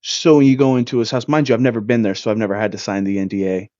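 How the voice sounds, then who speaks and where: A young man in his twenties, co-hosting a podcast and telling a story in a loose, profane, animated way. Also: fairly low pitch, rapid-fire, no echo. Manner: animated, profane, swings his voice up when excited. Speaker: podcast co-host. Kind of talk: casual storytelling. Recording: dull, dry lo-fi sound.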